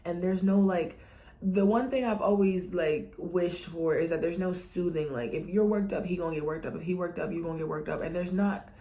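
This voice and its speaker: A woman's voice: fairly low pitch, fairly quick. Candid woman vlogger venting to camera. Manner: candid and animated, slipping into mocking quoted voices.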